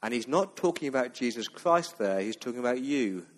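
A man's voice: mid-range voice, lively intonation, fairly quick, big-room sound. A man preaching a sermon as pastor, earnest and emphatic, reading scripture aloud between his points. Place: church.

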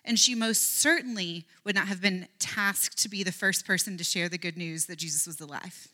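Woman, Bible talk, bright voice, earnest storytelling, soft hushed moments. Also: on the low side, fairly even intonation, moderate pace. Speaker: Bible teacher.

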